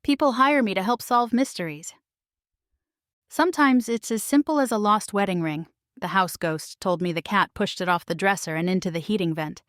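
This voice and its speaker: A woman's voice: mid-range voice, normal speed, a bit bright, dry recording, clean studio sound. A woman narrating a cozy mystery novel in the first person, in a wry, lightly humorous way. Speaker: audiobook narrator.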